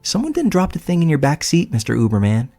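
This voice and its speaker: A man's voice: fairly high pitch, wildly swooping pitch, fast talker, a little mellow, soft background music, voice pushed up, heavily acted. A man voicing a creepy, giggling country woman who talks in an eerily cutesy way.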